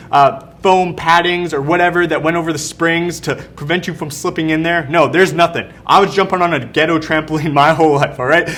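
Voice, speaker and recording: A young man preaching a youth sermon, telling stories in an animated, casual, slangy way. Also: on the high side. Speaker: youth pastor. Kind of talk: youth sermon with personal storytelling.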